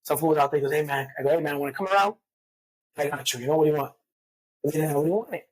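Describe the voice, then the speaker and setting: Fast-talking husky woman. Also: low voice, low-quality recording. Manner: rapid, profane, acts out quoted voices. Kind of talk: casual storytelling chat.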